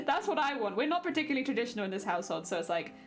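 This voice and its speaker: A woman's voice: a little high, big pitch swings, quick pace, soft background music. A young woman streaming, chatting playfully with her viewers while she crafts, often giggling.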